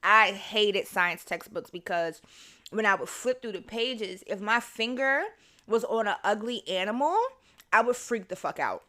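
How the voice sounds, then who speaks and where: A woman, hosting a casual solo podcast and telling stories in a lively, profane way while she eats. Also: mid-range voice, a little slow. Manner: animated storytelling, swears freely, mimics her own voice. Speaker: podcast host.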